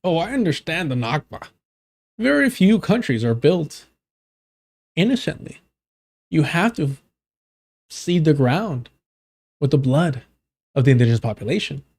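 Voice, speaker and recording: A man's voice: on the high side, sing-song, measured pace, long pauses, a little mellow, full character voice. A man putting on a mocking impression of a smug male debater, sarcastic and drawling.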